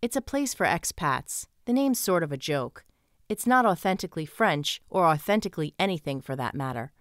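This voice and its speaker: A woman's voice: on the low side, animated, moderate pace, no echo, clean studio sound, close to an everyday voice. A woman playing a teasing, wild young woman. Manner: teasing, purring.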